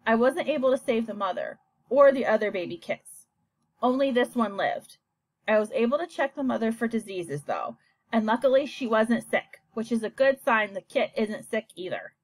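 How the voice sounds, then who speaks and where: A calm, patient storybook mother who works as a vet, explaining things gently to her children, as a woman reads her lines. Her voice sits a little high and moves lively up and down. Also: normal speed. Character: patient adult mother, a veterinarian. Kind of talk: audiobook reading.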